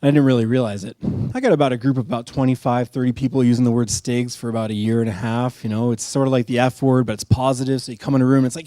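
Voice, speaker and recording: A middle-aged man shares his own story at a live storytelling night, talking in a candid, conversational way and often making fun of himself. His voice is warm and mellow, and the sound is close and dry. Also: medium pitch, fairly even intonation, rapid-fire, hardly any pauses, no echo. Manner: candid, conversational, self-deprecating. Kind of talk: personal storytelling talk.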